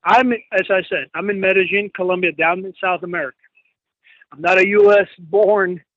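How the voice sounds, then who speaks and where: A man in his fifties calling in, friendly and chatty, giving shout-outs. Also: high voice, steady tone, moderate pace, dry recording, muffled recording. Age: 50s. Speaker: caller. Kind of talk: call-in chat.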